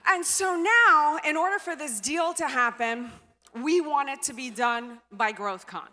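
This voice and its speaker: A woman telling a story in a keynote speech, chatty and animated, full of "like" and "you know". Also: high voice, measured pace. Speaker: conference speaker. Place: conference hall stage. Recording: large hall with long reverb.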